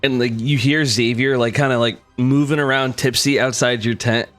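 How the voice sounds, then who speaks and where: A man's voice: medium pitch, steady tone, normal speed, fairly bright tone, dry recording, faint music behind. A young man narrating a tabletop game as game master, loose and full of fillers.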